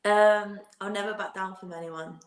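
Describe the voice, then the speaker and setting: A British woman answering interview questions in a plain, unpolished way, often restarting her sentences. Her voice sits at a middling pitch and carries a noticeable roominess from her remote recording. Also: fairly even intonation, moderate pace. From Britain. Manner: plain-spoken, hesitant restarts. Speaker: guest, professional boxer. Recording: roomy remote audio.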